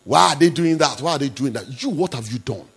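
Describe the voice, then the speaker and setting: A male pastor preaching an impassioned sermon, jumping between quiet asides and loud rebukes full of rhetorical questions. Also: medium pitch, lively intonation, a little fast, slightly rough.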